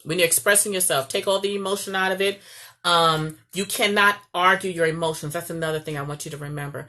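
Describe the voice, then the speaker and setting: A woman's voice: fairly low pitch, fairly even intonation, quick pace, sharp tone. A woman giving casual marriage advice as a coach, chatty and often checking in with "okay?". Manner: chatty, repeats "okay?" to the viewer.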